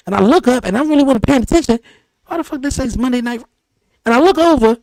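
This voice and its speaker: High-voiced animated podcast host man. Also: quick pace, gravelly, no echo. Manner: animated storyteller, acts out his son's lines. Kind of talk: casual podcast chat. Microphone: podcast studio mic.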